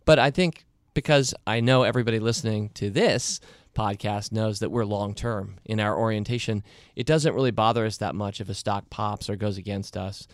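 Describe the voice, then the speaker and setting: A man's voice: fairly low pitch, moderate pace, no room sound, studio quality. A man speaking as a podcast guest, chatty and thinking aloud in a conversational interview.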